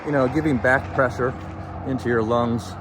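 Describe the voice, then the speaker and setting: Man, medium pitch, upbeat motivational vlogger talking on a trail walk, busy road audible behind. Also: steady tone, normal speed. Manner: upbeat, motivational, talks while walking and jogging. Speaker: fitness and mindset vlogger. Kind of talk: motivational walking vlog. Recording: clear traffic noise outdoors. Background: traffic noise.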